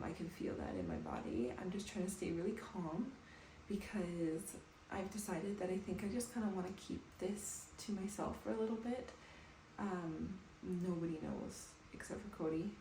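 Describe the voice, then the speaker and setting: A woman in her thirties talking softly and calmly to camera in a personal home vlog. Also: medium pitch, vocal fry. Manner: soft, calm, reflective. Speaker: vlogger. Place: bathroom at home, indoors. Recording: echoey room with faint background noise.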